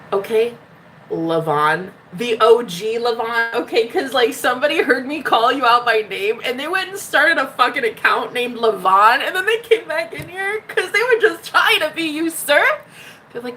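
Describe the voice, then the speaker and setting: An American woman hosts a casual spiritual livestream, reading chat messages aloud in a bubbly, teasing way, swearing freely and laughing often. Her voice is a little high, expressive, and sharp-toned, and she talks a little slowly. There's slight background noise.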